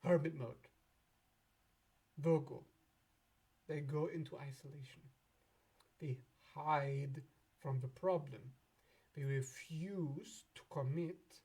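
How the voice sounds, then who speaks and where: A man hosting an astrology video in a casual, animated way, often laughing and acting out imagined back-and-forth voices. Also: fairly high pitch, breathy edge.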